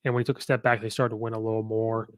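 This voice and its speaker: A man's voice: fairly low pitch, level tone, rapid-fire, no echo, clean studio sound. A man hosting a podcast, giving casual, opinionated sports commentary and rattling off records with many fillers. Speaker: podcast host.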